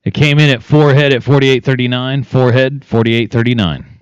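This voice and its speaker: Announcer calling team penning runs. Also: male voice, medium pitch, fairly even intonation, normal speed, smooth, dry recording, highs cut off. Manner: rattles off times, teams and cattle numbers. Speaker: arena announcer. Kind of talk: live event announcing.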